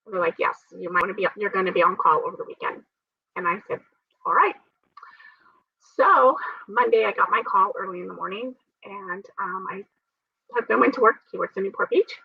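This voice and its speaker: Telling her transplant survival story in an interview, this woman speaks a little fast, earnest and faith-filled, laughing often. Her medium-pitched voice is creaky and husky, and the distant mic gives a dull, dry recording without room sound.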